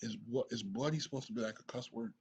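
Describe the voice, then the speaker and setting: A man hosting a reaction video, talking excitedly, stammering and repeating himself. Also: medium pitch, fast, a little hiss or hum. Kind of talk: casual reaction commentary.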